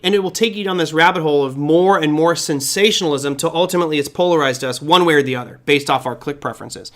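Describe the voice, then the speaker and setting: A man's voice: a little high, quick pace, hardly any pauses. A middle-aged man hosting a live trading show, giving casual market commentary, thinking aloud and reading viewer comments.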